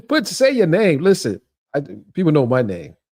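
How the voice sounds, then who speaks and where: Middle-aged male livestream host; animated, taunting delivery, lively pitch. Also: unhurried. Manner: animated, mocking, laughs often, repeats himself. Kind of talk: casual livestream rant.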